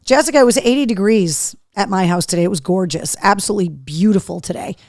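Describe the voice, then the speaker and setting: A woman's voice: mid-range voice, fast talker, darkish tone, no echo, clean studio sound. A middle-aged woman from Massachusetts hosting a live show in casual chat, reading viewer comments aloud and talking freely. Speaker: host.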